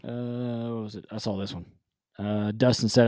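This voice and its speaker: A man's voice: lowish voice, flat delivery, normal speed, darkish tone, clear, resonant tone, dry recording, studio quality. A man hosting a casual live-stream chat, rambling with restarts and frequent laughs. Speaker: podcast host.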